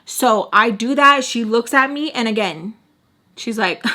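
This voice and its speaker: Bright-voiced young woman telling a story. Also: on the high side, takes it slowly, pauses often. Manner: animated, acts out other people's lines. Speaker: storytime vlogger. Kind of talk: casual storytelling.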